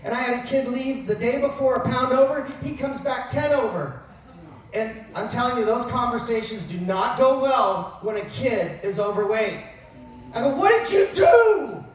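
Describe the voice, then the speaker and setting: A wrestling coach in his fifties, with a very high-pitched voice at a moderate pace, gives an after-dinner speech in a large banquet hall, telling funny stories with self-mocking asides. It was recorded from far away in the very echoey hall, with faint noise.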